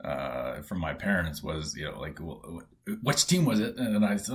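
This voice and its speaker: As a podcast guest, a middle-aged Canadian former pro baseball player tells relaxed stories in a very low voice. His delivery is fairly quick, casual and full of fillers, and he acts out other people's voices when quoting them.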